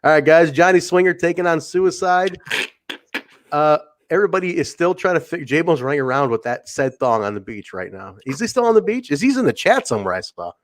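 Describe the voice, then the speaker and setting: A man from the American Midwest hosting a wrestling podcast, joking in sarcastic, animated banter with his co-hosts. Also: fairly high pitch, fairly quick, a little hiss or hum. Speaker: podcast host. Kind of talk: casual wrestling podcast chat.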